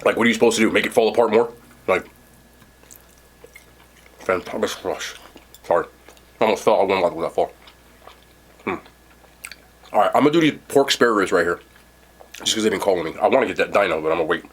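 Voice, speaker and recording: A man's voice: fairly low pitch, fast, pauses often, husky. A young man reviewing food in a casual eating vlog, enthusiastic and talking while he chews. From New Jersey. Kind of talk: eating vlog with mouth full.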